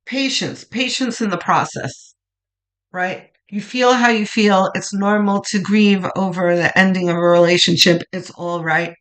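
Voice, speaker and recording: A tarot reader doing a pick-a-card reading, talking in a gentle, reassuring way with frequent restarts and lines that trail off softly. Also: mid-range voice, steady tone, unhurried.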